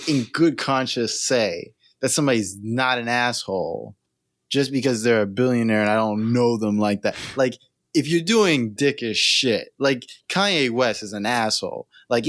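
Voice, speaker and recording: A man's voice: medium pitch, fairly bright tone. A young man co-hosting a casual podcast chat, blunt and emphatic, swearing freely. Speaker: podcast co-host.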